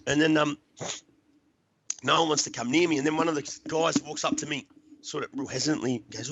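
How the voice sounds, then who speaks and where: A man's voice: a little high, fairly even intonation, moderate pace, gravelly, pauses often, a bit bright, slight background noise. An Australian man, a podcast guest, tells his life story bluntly and emphatically, swearing often and dropping in "mate" and "right?". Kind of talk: personal storytelling.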